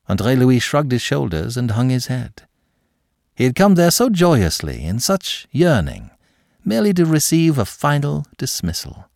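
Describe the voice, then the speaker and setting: Brief: male audiobook narrator, expressive storytelling, dry close mic. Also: mid-range voice, normal speed, gravelly, no echo. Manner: expressive, dramatic reading.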